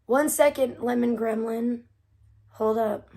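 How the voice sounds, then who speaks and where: A woman livestreams from a room in her home and chats casually with her viewers. She rambles and circles back with plenty of fillers and restarts. Her voice sits fairly high. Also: fairly even intonation, slow pace, gravelly, dark tone. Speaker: livestream host. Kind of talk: casual chat.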